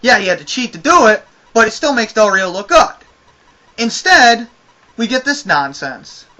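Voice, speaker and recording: A man's voice: very high voice, big pitch swings, moderate pace, sharp tone, highs cut off. A man giving a casual spoken review of a wrestling show, ranting with exasperation and a lot of swearing.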